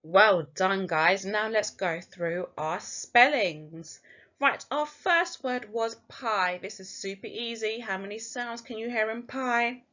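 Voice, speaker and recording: A woman teacher with an English accent leads a phonics lesson for young children, slowly sounding out letters and praising them in an encouraging, sing-song way. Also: mid-range voice, pushed and bright, dull audio. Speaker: primary school teacher.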